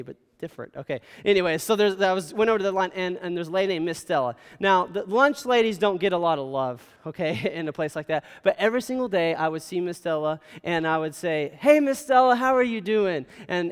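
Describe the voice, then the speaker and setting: High-voiced pastor in a reverberant hall. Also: male voice, clear, resonant tone. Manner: storytelling, conversational, frequent "okay?" checks. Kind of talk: sermon.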